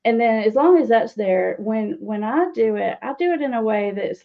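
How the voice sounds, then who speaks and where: A woman's voice: fairly high pitch, expressive, moderate pace, creaky, few pauses, muffled recording. A woman recovery coach answering interview questions in a teasing, sarcastic way, often laughing. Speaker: guest speaker, addiction recovery coach.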